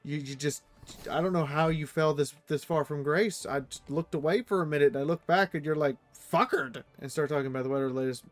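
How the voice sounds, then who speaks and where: A man streaming a strategy game, reading the event text aloud and reacting playfully, jumping into sudden high squeals. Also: a little fast, faint music behind. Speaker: let's play streamer.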